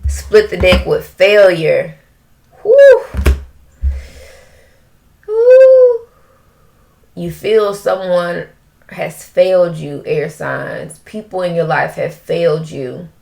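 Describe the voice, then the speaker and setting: A woman giving an emotional tarot reading, breaking into drawn-out exclamations. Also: on the low side, fairly even intonation, gravelly, a little mellow. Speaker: tarot reader.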